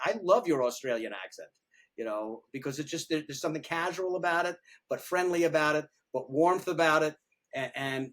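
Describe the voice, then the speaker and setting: An older man, a retired dentist, talking casually in an interview, rambling and animated, often repeating words and restarting. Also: a little high. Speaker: retired pediatric dentist, podcast guest.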